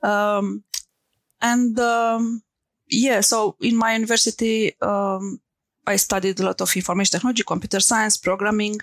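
A woman's voice: mid-range voice, little pitch movement, moderate pace, no echo. A middle-aged woman from Romania with a Romanian accent, talking hesitantly as an interview guest, with many fillers and laughs. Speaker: guest, entrepreneur. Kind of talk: conversational interview.

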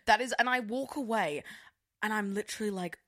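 A young woman co-hosting a casual podcast chat, animated and laughing, with lots of fillers. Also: medium pitch, a little fast. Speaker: podcast co-host.

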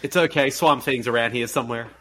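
A man's voice: medium pitch, quick pace, a bit bright. Jokey man riffing on a movie. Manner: laughs often, jokey. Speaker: co-host riffing on a horror movie. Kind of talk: casual comedic movie commentary.

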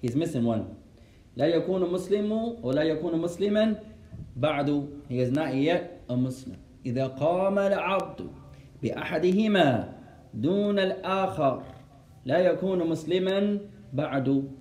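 Man slowly dictating a lesson in an echoey room. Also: on the high side, animated, darkish tone. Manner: repeats each phrase slowly for students to write down; translates line by line, patient and instructive. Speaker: teacher. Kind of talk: classroom lesson, dictating for memorisation.

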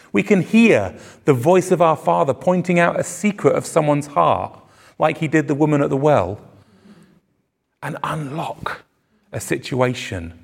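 A man delivers a sermon in a church venue, his voice gravelly with fry. His preaching is earnest and emphatic, rising on the words he wants to land. He speaks into a microphone for a live congregation. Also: on the high side. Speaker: pastor.

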